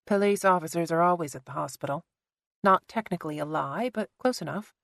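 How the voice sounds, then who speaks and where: A woman's voice: fairly low pitch, brisk, gravelly, no room sound, clean studio sound. A woman voicing a guarded adult woman who answers curtly and defensively in an audiobook. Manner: curt, defensive.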